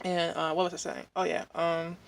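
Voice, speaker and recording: A woman's voice: lowish voice, level tone, normal speed, vocal fry. A woman vlogger chatting casually while eating, rambling and venting with lots of fillers and pleased hums between bites. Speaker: mukbang vlogger.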